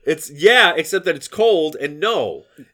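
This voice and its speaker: A man's voice: fairly high pitch, animated, unhurried, sharp tone. A man co-hosting a podcast in casual chat, complaining animatedly and swearing often. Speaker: podcast co-host.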